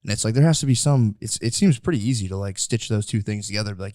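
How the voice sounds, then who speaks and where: A man's voice: on the low side, quick pace, dark tone, dry recording, clean studio sound. A man in his thirties hosting a casual podcast interview, rambling with lots of fillers. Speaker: podcast host.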